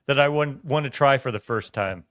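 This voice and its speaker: A man's voice: medium pitch, normal speed, a bit bright, dry recording, clean studio sound. A man co-hosting a podcast, wry and playful, with mock-formal asides. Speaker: co-host. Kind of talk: casual chat.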